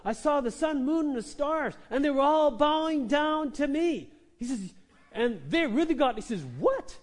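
A man with a high voice preaches with animated energy. He tells his story vividly and acts out the people in it. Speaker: pastor. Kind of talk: sermon.

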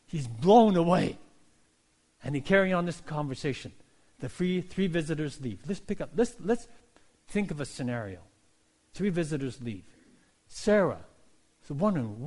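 Pastor guy preaching, high voice that swings all over, acts out the story bits. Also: unhurried, long pauses. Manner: animated storytelling, voicing characters. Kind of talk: sermon.

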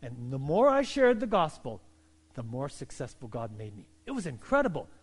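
A middle-aged male pastor preaching a sermon, moving from calm teaching to loud, fervent exhortation. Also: medium pitch, moderate pace, husky.

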